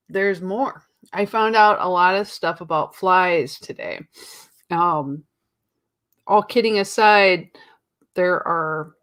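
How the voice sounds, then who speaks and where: A woman hosting a casual talk show as a librarian, chatty and jokey with giggly asides and lots of fillers. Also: mid-range voice. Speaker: host, librarian. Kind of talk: casual chat.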